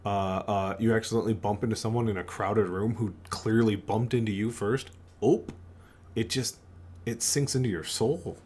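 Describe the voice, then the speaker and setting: A man with a low voice chats on a casual podcast. He gives advice in an easygoing, encouraging way. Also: fairly even intonation, a little fast, few pauses, a little mellow, husky. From West Coast of the United States. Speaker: game master on a podcast.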